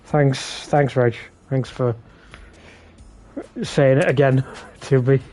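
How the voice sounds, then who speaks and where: A man's voice: medium pitch, steady tone, takes it slowly, mellow. Sweary man streaming a game. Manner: sweary, bickering banter with chat. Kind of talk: casual live game commentary. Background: game music.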